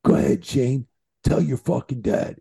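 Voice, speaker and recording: A man's voice: mid-range voice, fairly even intonation, moderate pace, gravelly, dark tone, husky, pitched above the performer's own voice, full character voice. A man putting on the voice of a heated crew worker who swears as he defends himself while telling a story. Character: angry grown man, a ring crew worker scolding.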